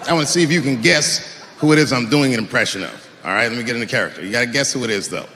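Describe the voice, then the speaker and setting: Animated, profane male stand-up comic. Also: medium pitch, rapid-fire, big-room sound. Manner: animated, profane storytelling that swings into shouted rants. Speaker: stand-up comedian. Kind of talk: live stand-up comedy. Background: audience laughter.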